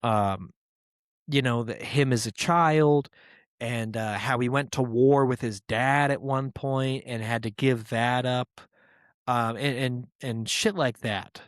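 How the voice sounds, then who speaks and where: A man's voice: mid-range voice, fairly even intonation, takes it slowly, no echo, studio quality. A man hosting a podcast in a casual monologue, rambling and joking, with plenty of swearing and filler words. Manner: irreverent and joking. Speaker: podcast host.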